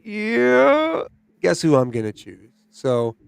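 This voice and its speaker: The voice is a man hosting a podcast in a relaxed, chatty style, animated as he tells his stories. He often tosses in "right?" and "dude". His mid-pitched voice is recorded dry, close to the mic. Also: a little slow, smooth, no room sound. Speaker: podcast host. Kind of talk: casual chat.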